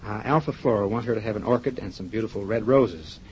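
A man hosting a live radio show, chatting with a guest and reading sponsor gifts in a brisk, chatty manner. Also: on the low side, darkish tone. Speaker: radio host. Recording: dull 1950s radio broadcast with faint hiss.

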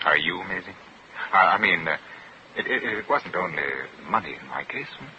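A deep-voiced, doting lord. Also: male voice, lively intonation, normal speed. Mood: tender. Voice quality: genteel, courtly. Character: smitten English lord, polite and doting. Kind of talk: 1940s radio acting. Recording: muffled old radio recording with hiss.

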